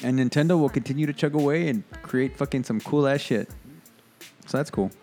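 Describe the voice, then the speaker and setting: A man's voice: mid-range voice, fairly quick, mellow, faint music behind. A man co-hosting a casual gaming podcast, talking in heated, profane rants. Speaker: podcast co-host.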